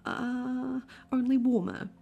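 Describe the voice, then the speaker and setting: A woman's voice: high voice, slow, vocal fry, mellow, pitched above the performer's own voice, heavily acted. A woman voicing a small, nervous male piglet who stammers, in whispered role-play.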